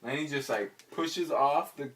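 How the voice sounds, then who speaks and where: A man's voice: medium pitch, a little slow, distant mic, a little hiss or hum. A young man telling a story to his friends in slangy casual talk, laughing as he goes. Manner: animated, slangy, often laughing mid-story. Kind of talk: casual anecdote among friends.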